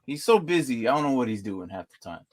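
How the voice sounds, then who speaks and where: A man co-hosting a casual sports chat, telling stories in an animated way. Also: medium pitch, quick pace. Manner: animated storyteller with a lively voice. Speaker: co-host.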